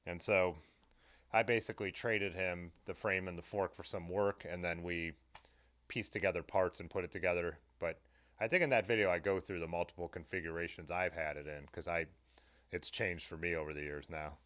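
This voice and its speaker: A man's voice: low voice, steady tone, brisk, a bit bright. A man hosting a casual livestream, rambling along and reading viewer comments aloud. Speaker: livestream host. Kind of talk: casual live chat.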